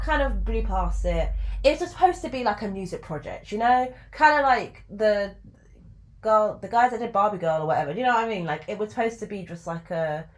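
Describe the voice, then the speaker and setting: A woman telling a story to camera in a casual, chatty way, full of fillers and asides, her pitch jumping up for emphasis. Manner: chatty and animated, with sudden jumps in pitch for emphasis. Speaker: video creator.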